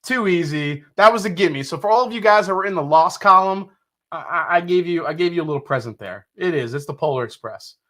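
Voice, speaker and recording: A man's voice: fairly high pitch, animated, fairly quick, bright, forceful tone. A man from New York hosting a casual live stream, reading out viewer comments, joking, swearing casually and laughing often. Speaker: livestream host.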